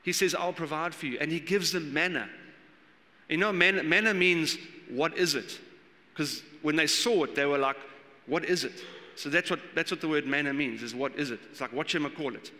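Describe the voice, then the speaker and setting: A man preaching a sermon as pastor, animated and acting out the voices he quotes. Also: on the high side, moderate pace. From South Africa. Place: church hall. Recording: long church hall reverb.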